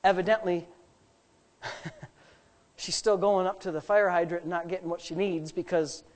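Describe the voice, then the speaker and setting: A man preaching a sermon, swinging from low, hushed asides to high, shouted emphasis, with drawn-out emphatic phrases. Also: little pitch movement.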